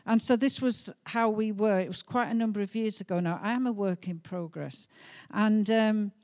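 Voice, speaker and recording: A woman's voice: medium pitch, normal speed, a little mellow. A middle-aged woman telling a heartfelt testimony story during a sermon, with some hesitations. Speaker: pastor's wife.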